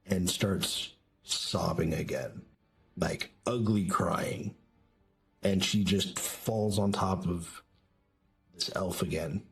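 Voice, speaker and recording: A deep-voiced man narrating as game master, unhurried and vivid in his scene-setting. He often pauses and rephrases mid-sentence, with quiet music playing underneath. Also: gravelly, husky. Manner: slow, descriptive, hesitant restarts.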